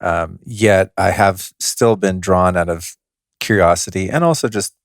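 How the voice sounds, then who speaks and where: A man hosting a podcast, speaking in a thoughtful, measured way. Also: sits low, dry recording, clean studio sound. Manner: thoughtful, measured, soft laughs. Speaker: podcast host. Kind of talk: casual interview chat.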